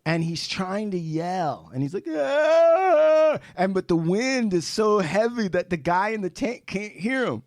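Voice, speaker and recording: A man telling a story on a casual podcast, swearing freely and shouting parts of it out. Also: sits high, moderate pace, hardly any pauses, no room sound, clean studio sound. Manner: animated, profane storytelling with shouted re-enactments. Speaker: podcast guest, film director.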